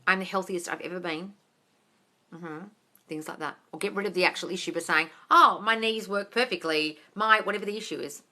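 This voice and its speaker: Woman coach on a phone live Q&A: low-ish, bright, forceful voice, blunt and sweary, says darling a lot. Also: fairly quick. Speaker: manifesting coach. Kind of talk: live-stream Q&A.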